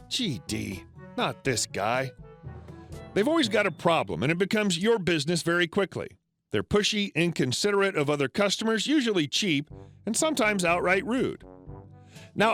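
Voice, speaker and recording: Lively higher-voiced male story narrator. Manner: steady storytelling read with lively swings into quoted characters. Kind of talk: scripted narration of online stories. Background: faint background music.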